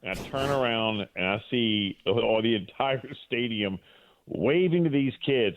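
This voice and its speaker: A man's voice: mid-range voice, expressive, a little slow, no echo. A middle-aged man, a guest sports broadcaster, telling an emotional story in a rambling way, full of fillers and restarts, on a call into a show. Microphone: phone. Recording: dry, tinny phone line.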